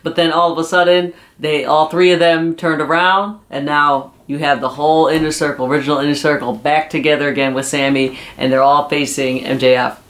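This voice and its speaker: A man's voice: fairly high pitch, little pitch movement, fairly quick, few pauses, a bit bright. Man rambling through a wrestling recap. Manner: rambling, full of fillers like uh and you know. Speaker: wrestling show reviewer. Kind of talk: casual episode recap.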